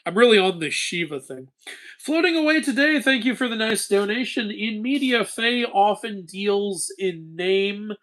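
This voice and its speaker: A man hosting a casual live-stream Q&A, reading chat questions and answering in an animated way, laughing often and swearing casually. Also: high voice, slow.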